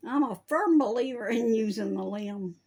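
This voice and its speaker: Folksy scolding woman, higher voice. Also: darkish tone, slightly rough. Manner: folksy, scolding, laughs often. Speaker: online preacher. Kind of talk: casual religious video talk.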